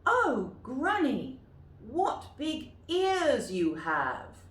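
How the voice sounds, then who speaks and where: A woman voicing an innocent little girl in a red hood, high and drawn out. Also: wildly swooping pitch, very slow, a bit bright, echoey room, far from the mic, full character voice. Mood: wondering.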